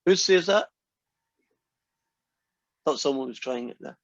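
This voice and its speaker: A man's voice: medium pitch, expressive, measured pace, no room sound, dull audio. A Scottish man giving a math lecture in a classroom, chatty and often restarting his sentences. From Scotland.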